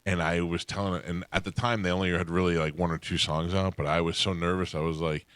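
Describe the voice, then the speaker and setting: A man's voice: low voice, flat delivery, fast, fairly bright tone, no room sound. A man hosting a radio show, telling rambling self-deprecating stories in casual studio chat and laughing often.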